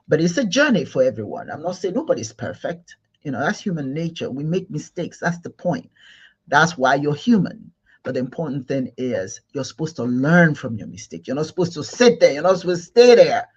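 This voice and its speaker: A man's voice: on the high side, breathy edge. A man teaching as a spiritual leader, speaking emphatically with many repeats and restarts, from Igbo Nigeria. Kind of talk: spiritual talk. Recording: dull lo-fi recording.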